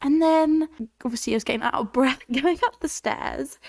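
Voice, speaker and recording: A woman's voice: fairly high pitch, fairly even intonation, normal speed, creaky, darkish tone. A young woman hosting a podcast in a chatty, rambling way, laughing often, her voice congested from a cold. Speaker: podcast host. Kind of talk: casual chat.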